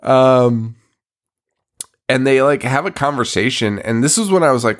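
A man's voice: medium pitch, lively intonation, normal speed, long pauses. A man hosting a podcast, recapping a movie plot in casual chat, rambling, laughing often and swearing freely. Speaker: podcast host.

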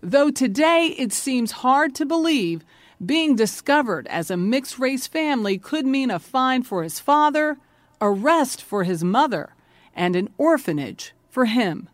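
A woman narrating a news feature as correspondent, with a measured storytelling delivery. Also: sits high, expressive, no room sound.

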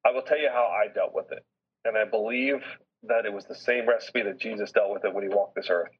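A middle-aged man, a business chairman appearing as a podcast guest, telling a personal story in an earnest, heartfelt way with reflective pauses. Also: fairly low pitch, fairly even intonation, slightly rough. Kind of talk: candid personal storytelling in an interview. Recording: slightly dull lo-fi recording.

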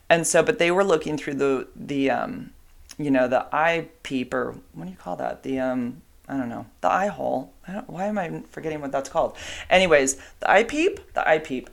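A woman's voice: sits low, normal speed, vocal fry. A middle-aged woman casually telling a long personal story, rambling with fillers and asides. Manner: chatty, rambling, with fillers and asides to her dogs.

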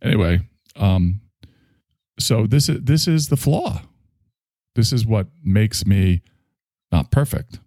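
Deep-voiced rambling man, swears freely. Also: expressive, takes it slowly, pauses often, warm tone, no room sound, clean studio sound. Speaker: stream host. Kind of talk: casual monologue to an online audience.

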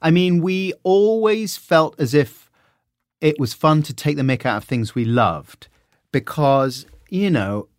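A middle-aged man, a guest in an interview, telling stories in an animated, self-deprecating way. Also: slow, no echo, studio quality. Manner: animated, self-deprecating, lively swings in pitch. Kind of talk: relaxed anecdotal storytelling.

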